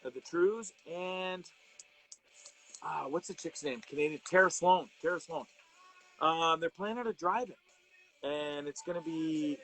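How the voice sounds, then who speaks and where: A man's voice: a little high, sharp tone, poor audio. A middle-aged man hosting a live online show, talking casually and ranting with profanity, rambling with fillers and restarts, and reading viewer comments aloud.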